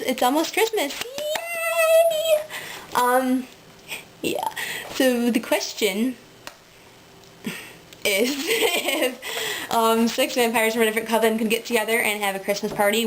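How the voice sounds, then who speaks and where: A woman's voice: a little high, expressive, measured pace, background noise. Giggly rambling woman vlogging. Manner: rambling, giggly, full of ums and likes. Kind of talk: casual rambling monologue.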